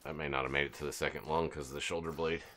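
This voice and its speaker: Very deep gravelly male streamer. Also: rapid-fire, slight background noise. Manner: relaxed, chatty, reads out viewer chat. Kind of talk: casual live-stream commentary.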